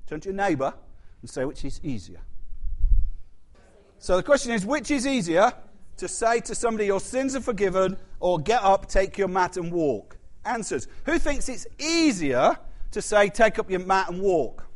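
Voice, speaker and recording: Casting note: man playing an preacher with a high voice, lively and chatty in the pulpit, talks straight to the room. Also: a little fast. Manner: animated, conversational preaching with asides to the congregation. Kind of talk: sermon.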